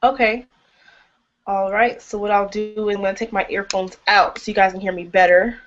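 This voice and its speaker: A woman's voice: mid-range voice, steady tone, normal speed, slight background noise. A young woman singer chatting casually over a video call, giving short, agreeable replies. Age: young adult. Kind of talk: casual chat and singing. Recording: dull lo-fi call audio.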